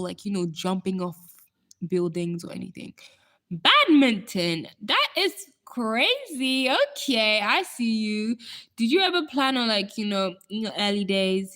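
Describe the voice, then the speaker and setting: A woman's voice: on the high side, a bit bright. A young woman hosting a casual live stream, chatting with viewers and laughing often. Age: young adult.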